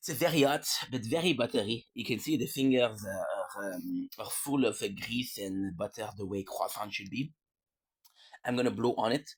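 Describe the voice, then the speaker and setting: Speaking at a normal speed in a fairly low, slightly rough voice, a man eats on stream and chats casually. He jokes and rambles, filling the talk with fillers, food noises and appreciative murmurs.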